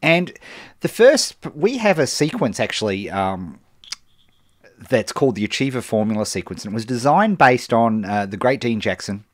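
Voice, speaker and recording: Animated man giving business advice. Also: medium pitch, moderate pace, no echo. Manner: animated, emphatic, many fillers and restarts. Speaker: host answering business questions. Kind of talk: live-stream business talk.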